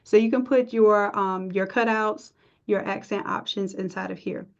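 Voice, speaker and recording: A woman teaching a live software design class, chatty and encouraging, thinking aloud as she works. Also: medium pitch, steady tone, normal speed. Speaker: design instructor. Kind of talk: live screen-share tutorial. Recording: dull lo-fi stream audio.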